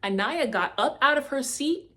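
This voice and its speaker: Animated woman telling a personal testimony. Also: high voice, moderate pace. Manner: animated storytelling, talks straight to listeners. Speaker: testimony speaker.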